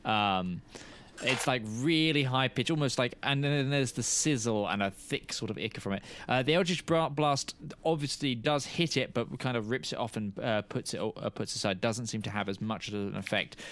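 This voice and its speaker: A man narrating as game master of a tabletop game, pausing often and searching for words. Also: medium pitch, a bit bright. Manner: halting, searching for words with many fillers.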